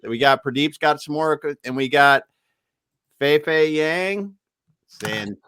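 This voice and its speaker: A man co-hosts a live online show, calmly reading out viewer comments. His voice is bright and a little high, recorded close and dry. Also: slow pace, clean tone, dry recording. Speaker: podcast co-host.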